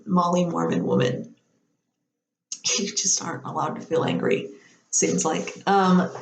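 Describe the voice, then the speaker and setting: A woman on a podcast tells rambling everyday stories in a casual chat, laughing often and acting out the people she quotes. Her voice is fairly low with a darkish tone, and the recording has a roomy echo.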